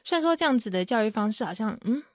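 A woman calmly narrating a recap of the interview. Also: on the high side, racing, no room sound, clean studio sound.

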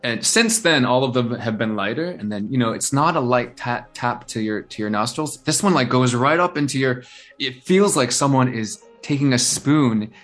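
Animated male storyteller, lots of "uh". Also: medium pitch, moderate pace, faint music behind. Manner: animated storyteller, many fillers and restarts. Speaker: interview guest, singer-songwriter. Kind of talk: casual phone-style chat.

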